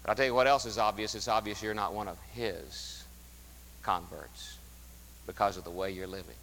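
A man's voice: lowish voice, moderate pace, vocal fry, a little hiss or hum. Emphatic preacher man in a reverberant sanctuary. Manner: emphatic, swings from loud to hushed. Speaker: pastor. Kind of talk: sermon. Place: church sanctuary.

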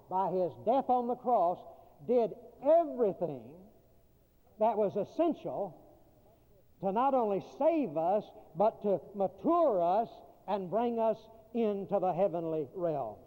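A man preaching a sermon, emphatic, repeating key phrases and swinging between loud and quiet passages. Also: high-pitched, expressive, slow. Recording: tinny phone-like audio in a reverberant hall.

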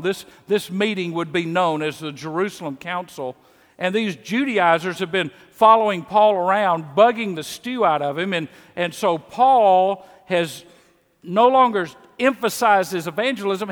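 Southern pastor preaching in a hall. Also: male voice, high voice, fairly bright tone. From Mississippi. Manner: conversational, repeats words when starting a sentence. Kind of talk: sermon. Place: church sanctuary. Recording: long echo of a large church hall.

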